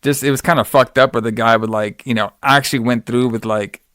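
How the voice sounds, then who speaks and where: Rambling, slangy podcast host, dry close sound. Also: male voice, medium pitch, fairly even intonation, fairly quick, fairly bright tone, no room sound. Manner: rambling, slangy, acts out quotes in exaggerated voices. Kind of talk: casual movie recap chat.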